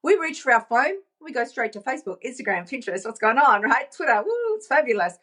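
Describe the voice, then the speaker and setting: A woman's voice: on the high side, animated, quick pace, fairly bright tone, husky. A woman life coach giving a motivational vlog talk into her phone, playful and emphatic, often laughing.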